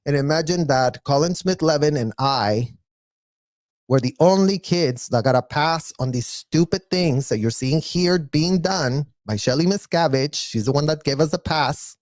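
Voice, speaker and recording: A man giving casual, blunt reaction commentary, animated and mocking, with mild profanity. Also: a little high, no echo, clean studio sound. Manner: animated, mocking, mimics others in exaggerated voices. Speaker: live reaction streamer.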